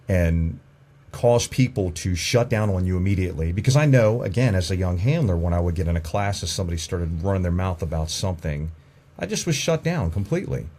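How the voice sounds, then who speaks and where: A man's voice: deep voice, animated, brisk, a little mellow. A man who trains police dogs, a podcast guest telling frank stories with stammering restarts and some swearing. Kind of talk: casual podcast conversation.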